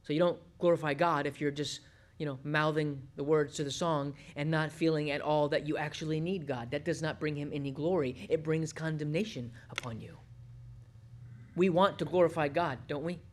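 Pastor, man, high voice, earnest sermon delivery with urgent appeals and soft drops. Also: fairly even intonation, normal speed. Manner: earnest, swings from loud urgent appeals to hushed tones.

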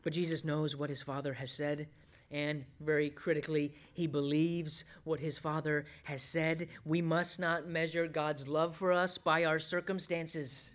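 A man preaching a sermon, swinging between loud emphasis and hushed asides as he acts out quoted voices. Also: fairly high pitch, little pitch movement, unhurried. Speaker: pastor.

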